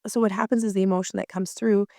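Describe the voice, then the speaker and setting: Fast-talking woman with a gravelly edge. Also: medium pitch, flat delivery, mellow, dry recording, studio quality. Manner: chatty, with many fillers and restarts. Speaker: marriage coach. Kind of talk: casual coaching talk.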